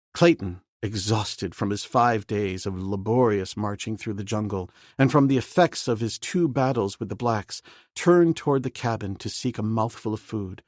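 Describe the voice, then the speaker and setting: Steady, measured male audiobook narrator. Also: lowish voice, no room sound, studio quality.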